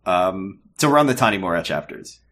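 A man's voice: sits low, animated, fairly quick, fairly bright tone. A man co-hosting a podcast in casual chat, joking and rambling with fillers. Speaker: podcast co-host.

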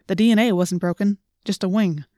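A woman's voice: mid-range voice, fairly even intonation, fairly quick, dark tone, no room sound, studio quality, natural voice. A woman voicing a sarcastic, wisecracking teenage boy in an audiobook reading. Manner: sarcastic, mocking.

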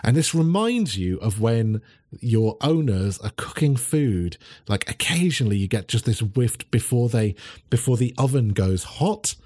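A man's voice: medium pitch, sing-song, measured pace, warm tone. Game master: man, rambling narration, lots of filler words.

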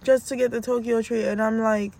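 A woman with a slightly high, brisk voice shares stories about her two kids on a casual vlog. She speaks with a lilt and gets animated, performing her own yelling as she goes.

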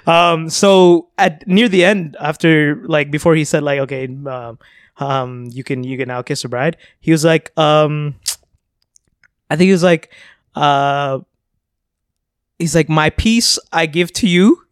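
A young man with a high voice, telling a story in loose, filler-heavy chat on a podcast. He laughs at his own story. The recording is dry and close. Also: steady tone, unhurried, pauses often, smooth, no echo. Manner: rambling, lots of fillers and laughter. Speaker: podcast co-host. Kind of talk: casual chat.

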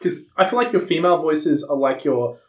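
A man in casual chat, dropping quick, teasing remarks. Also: fairly high pitch, animated, background noise. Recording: roomy echoey room.

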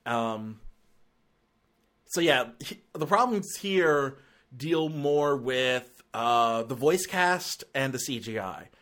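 A man's voice: mid-range voice, animated, slow, a bit bright. A man giving a casual, rambling film review, often exasperated and filling his talk with "like".

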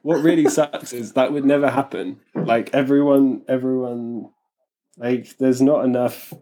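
A man's voice: mid-range voice, steady tone, measured pace, warm tone. Self-deprecating man, chatty podcast guest. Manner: self-deprecating, stumbling restarts. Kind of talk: casual podcast chat.

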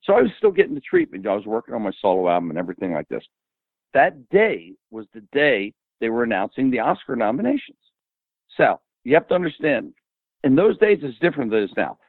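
Guy in his 70s spinning lively stories in an interview, dry tinny phone-ish sound. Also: mid-range voice, quick pace, vocal fry, no room sound. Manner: animated anecdote teller who acts out quoted dialogue. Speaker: guest. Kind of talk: casual storytelling interview.

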